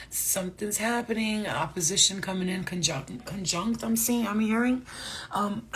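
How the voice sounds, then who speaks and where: Profane, rambling woman with a low voice. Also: brisk, a bit bright, slight background noise. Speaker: spiritual reader. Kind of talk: casual spiritual reading to camera.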